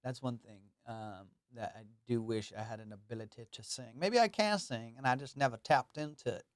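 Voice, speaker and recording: A young man talks alone into the mic in a loose, rambling way, poking fun at himself and swearing without care. His voice sits at an ordinary middle pitch and comes through smooth and clear. The sound is close and dry, with no room around it. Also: moderate pace, no echo. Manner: rambling, playful and self-mocking, swears freely. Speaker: comedian hosting his own podcast. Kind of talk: casual solo podcast chat.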